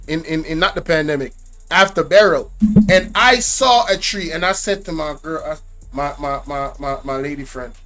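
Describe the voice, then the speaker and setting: A man's voice: sits high, a bit bright. A man giving casual commentary to camera, emphatic and repetitive, often checking in with "right?". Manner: emphatic, repeats points, asks "right?". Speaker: reaction channel host.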